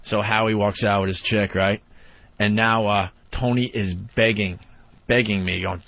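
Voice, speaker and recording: Radio dude rambling through a story, cursing, dull lo-fi radio sound. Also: male voice, lowish voice, a little slow, creaky, no room sound. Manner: animated, profane, rambling. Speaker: radio show co-host. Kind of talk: casual radio talk, storytelling.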